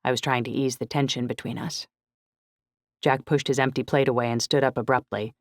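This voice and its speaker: A woman giving steady, measured first-person narration of a novel. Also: a bass voice, no echo, studio quality. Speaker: audiobook narrator.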